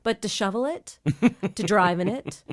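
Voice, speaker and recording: A woman's voice: medium pitch, measured pace. A woman from Canada who is a guest on a podcast, chatting casually in a bubbly way and laughing often.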